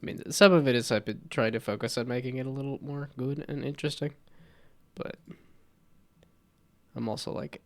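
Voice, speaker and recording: A man's voice: medium pitch, steady tone, moderate pace, pauses often. A man chatting casually on a live stream while he works, congested from a cold, rambling and self-deprecating with frequent laughs.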